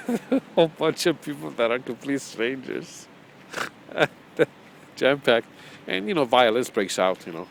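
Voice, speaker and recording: A man's voice: lowish voice, a little hiss or hum, low-quality recording. A man as a spiritual teacher, talking casually and rambling through his own book, repeating phrases and chuckling often.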